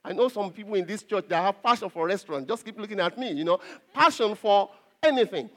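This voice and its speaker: A pastor preaching an earnest sermon to his congregation, repeating phrases and pausing on fillers. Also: high voice, animated, fairly bright tone.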